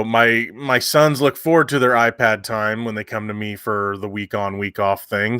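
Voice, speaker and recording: A man's voice: medium pitch, bright, forceful tone, no room sound, clean studio sound. A man, hosting a livestream and telling a long story in casual chat with many fillers and restarts. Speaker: livestream host.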